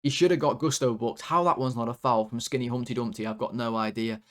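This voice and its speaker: A man's voice: mid-range voice, fairly even intonation, fast. A man who hosts a football fan channel. He rants casually and animatedly, swearing, and often sounds exasperated.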